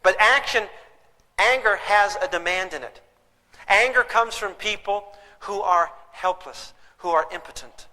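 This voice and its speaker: A man's voice: sits high, a little slow, bright, forceful tone. A man giving a humorous live parenting seminar, questioning his audience directly. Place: lecture hall with audience. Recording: long hall reverb.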